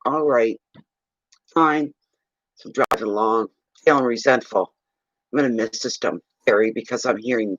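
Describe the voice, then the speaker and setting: A man from eastern Canada who reads for clients, telling a rambling, animated story in a casual livestream chat. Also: lowish voice, a little slow, pauses often, no echo, muffled recording. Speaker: psychic reader telling a story.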